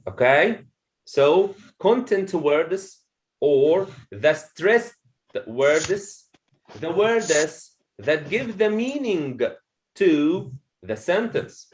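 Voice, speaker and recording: A man teaching a pronunciation lesson to a classroom of students, explaining slowly, repeating each point and checking in with "okay?". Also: on the high side, very animated. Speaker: English teacher.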